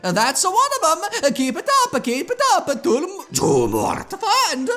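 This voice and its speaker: A man voicing a jolly middle-aged male ranch owner in a game, in a squeaky falsetto with hooting laughs. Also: huge pitch swings, measured pace, bright, forceful tone, soft background music, heavily acted.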